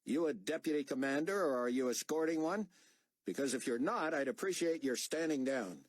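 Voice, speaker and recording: A man's voice: fairly high pitch, animated, normal speed, no echo, voice pushed up. A man voicing a blunt, clipped, exasperated adult male pilot.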